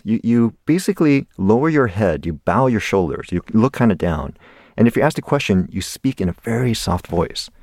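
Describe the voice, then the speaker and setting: A man's voice: medium pitch, a little mellow, dry recording, studio quality. A man in his forties from the United States, a guest in an interview telling a personal story animatedly and laughing along the way.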